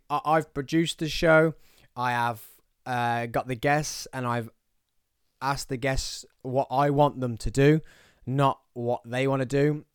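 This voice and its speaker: A man's voice: medium pitch, smooth, dry recording, studio quality. Chatty English man hosting a podcast. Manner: chatty, self-mocking, easily distracted. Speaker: podcast host. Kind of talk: casual chat. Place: small studio. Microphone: studio microphone.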